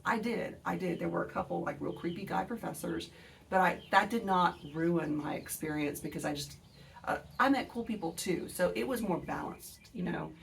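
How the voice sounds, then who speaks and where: A woman's voice: lowish voice, vocal fry, recorded from a distance, a little hiss or hum. A woman in her forties with an Alabama accent, hosting a casual book video; she rambles, digresses and swears freely while talking straight to her viewers.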